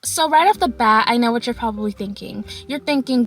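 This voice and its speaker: Young woman vlogging a storytime, high voice, laughs a lot, does little voices, bit of music in back. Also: normal speed, few pauses. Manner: animated, laughing, acts out quotes in high voices. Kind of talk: storytime vlog.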